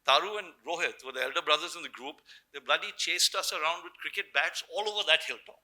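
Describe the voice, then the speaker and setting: A man's voice: a little high, rough recording. A middle-aged man giving a personal tribute speech at a memorial gathering, telling anecdotes and quoting the voices of people he remembers. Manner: anecdotal, warm storytelling with quoted voices. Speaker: memorial speaker. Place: memorial gathering before an audience.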